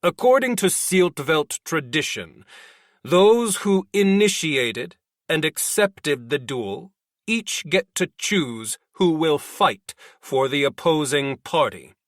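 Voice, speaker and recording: A man voicing a formal male official who announces duel terms in a loud, measured way. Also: on the high side, lively intonation, dry recording, clean studio sound.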